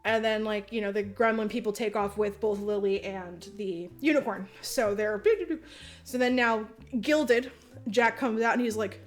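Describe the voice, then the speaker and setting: A woman's voice: medium pitch, fairly even intonation, measured pace, faint music behind. A woman co-hosting a podcast, recapping a movie in casual chat, giggling, swearing freely and acting out the characters' lines. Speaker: podcast co-host.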